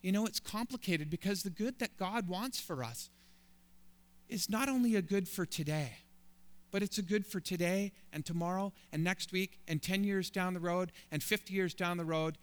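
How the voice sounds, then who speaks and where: A man's voice: sits high, normal speed, clean tone. A man preaching a sermon as a pastor, building emphatic, rising lists of phrases.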